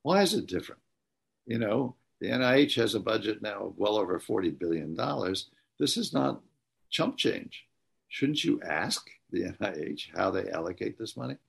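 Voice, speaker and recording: A low-voiced man with a gravelly, husky edge tells stories as an interview guest. He talks earnestly and haltingly, stopping often as he goes. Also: lively intonation. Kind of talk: conversational storytelling.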